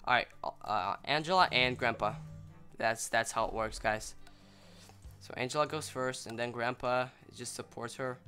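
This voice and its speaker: Bright-voiced young man narrating gameplay. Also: mid-range voice, normal speed, soft background music. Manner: rambling, apologetic, bursts into excited yelling. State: slightly sick, clearing throat. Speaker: gameplay commentator. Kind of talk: casual let's-play commentary.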